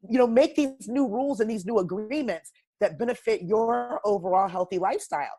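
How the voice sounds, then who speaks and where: A woman's voice: fairly high pitch, fairly quick, mellow, slightly rough. Woman guest, wellness coach type. Emphatic, straight-talking, preachy. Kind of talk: casual podcast conversation.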